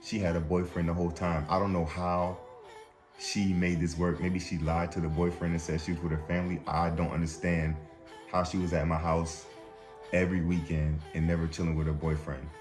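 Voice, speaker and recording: A man's voice: deep voice, flat delivery, a little fast, a little mellow, faint music behind. A young man hosting a vlog, telling a story casually and acting out what people said, now and then laughing at his own story. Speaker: vlog host.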